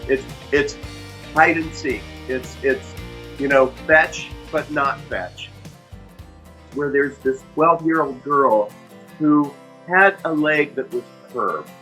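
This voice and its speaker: Slow, bright-voiced middle-aged man storyteller. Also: mid-range voice, faint music behind. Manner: earnest, repeats key phrases for emphasis. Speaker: dog owner and vlogger. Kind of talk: heartfelt personal storytelling.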